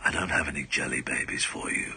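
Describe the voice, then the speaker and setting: A man doing an impression of a famous tall television actor, speaking slowly and deeply in a hushed, gentle way. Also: husky, full character voice. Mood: hushed, kindly. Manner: slow, deep, hushed and gentle. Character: famous tall male TV actor, slow and deep. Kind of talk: impression within a radio anecdote.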